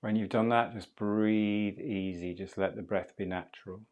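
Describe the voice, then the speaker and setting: A man leading a guided breathwork class, speaking slowly, softly and calmly. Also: on the low side. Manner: slow, soft and calm guidance. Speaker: breathwork instructor.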